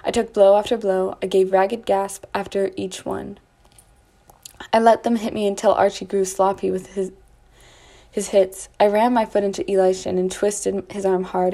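A woman reading her own first-person story aloud, with dramatic delivery. Her voice is dark and mellow with a gravelly fry, and she sometimes restarts a phrase. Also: medium pitch.

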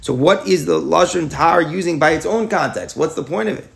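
Fast, gravelly Talmud teacher. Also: male voice, a little high. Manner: explains aloud with rhetorical questions, mixes Hebrew and Yiddish terms. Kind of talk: daily Talmud class lecture.

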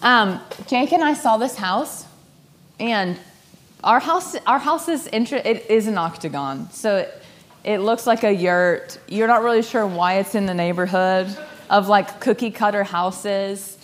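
A young woman telling a personal story in a lively, laughing way, acting out the voices of the people she quotes. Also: mid-range voice, unhurried. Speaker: speaker sharing a personal story. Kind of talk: storytelling talk.

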